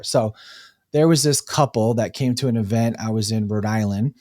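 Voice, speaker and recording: A man, a guest on a talk show, telling stories in an animated way, acting out quotes and laughing easily. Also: medium pitch, moderate pace, no room sound, clean studio sound. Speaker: breathwork facilitator, guest. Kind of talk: casual storytelling interview.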